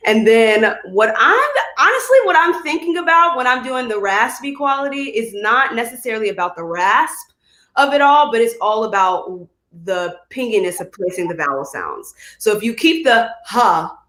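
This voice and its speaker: A young woman from Chicago, a musical theatre actress, chatting in an interview, animated and laughing as she demos vocal exercises. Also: a little high, normal speed, reverberant. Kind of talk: casual video interview.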